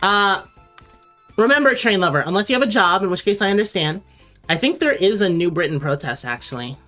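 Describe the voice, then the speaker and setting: A woman's voice: medium pitch, lively intonation, fairly quick, fairly bright tone, faint music behind. A young woman from Connecticut chatting casually on a late-night drawing livestream, rambling and answering viewers as she reads their messages aloud. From Connecticut, USA.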